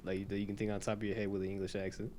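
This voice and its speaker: Rambling young man, low voice. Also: flat delivery, very fast, a little mellow, a little hiss or hum. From United States. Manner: rambling, repeats words, lots of "like". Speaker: podcast co-host. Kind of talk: casual stoner chat.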